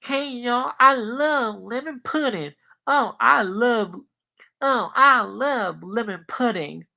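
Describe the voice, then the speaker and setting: Sweet southern country boy with a drawl, high and gravelly, a man putting him on, bright tone. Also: animated, takes it slowly, heavily acted. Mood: doting. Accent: put-on American Southern.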